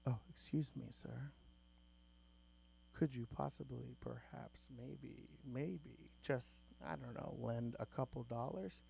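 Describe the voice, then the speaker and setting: A man's voice: mid-range voice, slow, creaky, mellow, slight background noise, pitched below the performer's own voice. A man putting on a meek whispery homeless beggar. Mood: timid, pleading. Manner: timid pleading, then screaming curses. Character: polite then raging homeless man.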